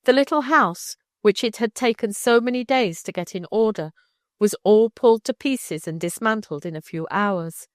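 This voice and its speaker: Calm woman audiobook narrator. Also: medium pitch, no echo, studio quality. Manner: calm, measured reading.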